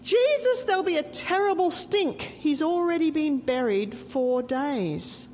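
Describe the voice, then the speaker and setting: A woman telling a story to a group and voicing a blunt, practical older sister in a higher, louder, emphatic voice. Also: animated, unhurried, long reverb tail, a little hiss or hum. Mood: alarmed.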